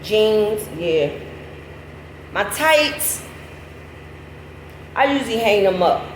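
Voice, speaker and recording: A middle-aged woman tells a story in a loose, animated way, swearing freely and jumping up into high laughter. The recording is echoey, with loud background noise and what sounds like passing vehicles. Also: very slow. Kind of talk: casual storytelling.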